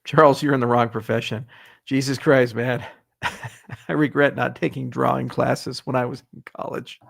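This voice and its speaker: A man's voice: medium pitch, level tone, normal speed, creaky. A middle-aged man hosting a casual livestream Q&A, answering viewer questions in a blunt, sarcastic and profane way. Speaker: host.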